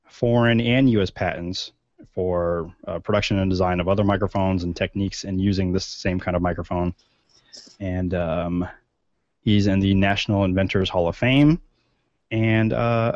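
His voice sits low with a darkish tone, captured dry with no room sound on a dull, lo-fi recording. He's a podcast co-host chatting casually, meandering and often stopping to restart amid many fillers.

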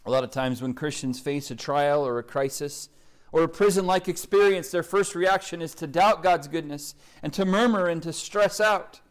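A man's voice: fairly high pitch, normal speed, smooth. A man preaching a sermon, emphatic, reciting scripture in rising, building lists. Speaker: pastor.

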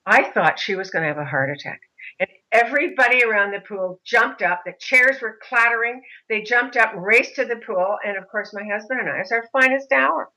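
A middle-aged woman, a mother of a son with a disability, telling her story in an interview in an animated way. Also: a little high, fairly quick, low-quality recording. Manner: animated, mimics other voices in anecdotes.

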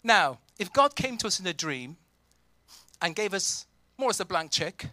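A pastor preaching a sermon, reading scripture aloud and acting out imagined prayers with plenty of pauses and fillers. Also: male voice, sits high, lively intonation, pushed and bright, no room sound. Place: church.

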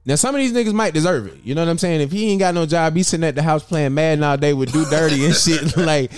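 A man's voice: on the high side, quick pace, clean tone, no echo, faint music behind. Profane man hosting a podcast. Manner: profane, laughing, animated storytelling. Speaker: podcast host. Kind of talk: casual chat.

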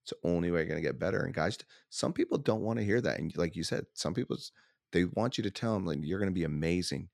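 A man's voice: deep voice, expressive, fast talker, creaky, darkish tone, no room sound, clean studio sound. A man hosting a podcast in a laid-back, casual way, peppering his talk with slang like "man" and "dude". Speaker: podcast host, gym owner. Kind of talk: casual interview chat.

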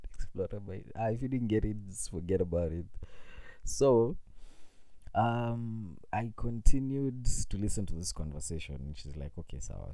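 A young Kenyan man with a Kenyan accent tells a funny personal story in a loose, animated way, slipping in Swahili phrases. His voice sits very low and sounds mellow. The sound is dry and close. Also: dry recording. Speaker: vlogger. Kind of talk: casual storytelling.

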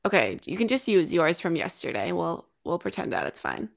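A woman co-host talks in an easygoing, agreeable way, with quick reactions. Her mid-pitched voice carries a gravelly fry. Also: big pitch swings. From Massachusetts, US. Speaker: podcast co-host. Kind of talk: casual chat.

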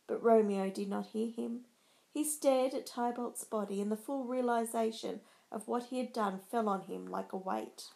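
A woman narrating a dramatic story in a measured storybook style. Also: fairly high pitch, vocal fry, warm tone.

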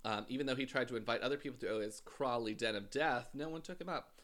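A man casually telling a true-crime story as a podcast host, halting often with filler sounds. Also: medium pitch, a bit bright.

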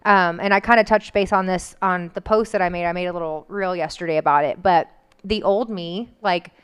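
A woman speaks candidly as a guest, her voice smooth and clear at a middle pitch. She talks casually, leaning on "like" as she works through an emotional personal story. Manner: candid, emotional, frequent "like" fillers.

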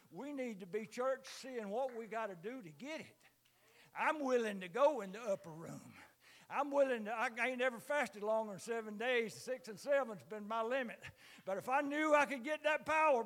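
An older man preaching a sermon in a church, moving from low, quiet stretches to loud, impassioned calls.

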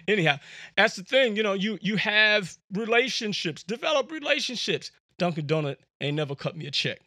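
A man's voice: high-pitched, sing-song, fairly quick, bright, forceful tone, breathy edge, dry recording, clean studio sound. A man hosting a podcast, talking in a casual, rambling, jokey way with lots of fillers, recorded on a USB microphone. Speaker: podcast host. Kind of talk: casual monologue.

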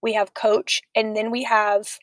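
A young woman co-hosting a podcast, telling stories in a chatty, animated way. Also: mid-range voice, unhurried, no echo. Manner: chatty, storytelling, animated asides. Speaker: podcast co-host. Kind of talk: casual chat.

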